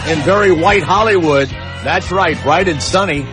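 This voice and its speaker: A man's voice: fairly high pitch, normal speed, music in the background. A male radio show host in casual talk, joking and rambling with fillers.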